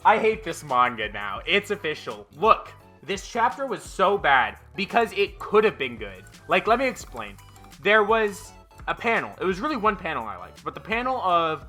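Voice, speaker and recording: A man's voice: a little high, pushed and bright. A young man casually reviewing manga chapters, swearing a lot and talking with frequent fillers and an exasperated edge. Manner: profane, exasperated, lots of fillers.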